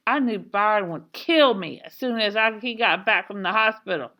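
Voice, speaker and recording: A woman reading a children's novel aloud in a slow, expressive storytelling manner. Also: mid-range voice. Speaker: reader.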